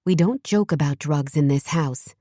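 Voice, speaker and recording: A woman's voice: low voice, normal speed, mellow, no room sound, clean studio sound. A woman voicing a protective single mother who speaks firmly and scolds. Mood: angry. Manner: firm, scolding.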